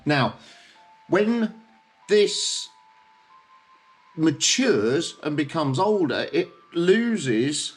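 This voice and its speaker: A man's voice: on the high side, big pitch swings, extremely slow, long pauses, soft background music. A man with a British accent hosting a casual explainer, talking in a chatty way and often checking in with the listener. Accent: British English. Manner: chatty, checks in with tag questions like okay and yeah. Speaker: host.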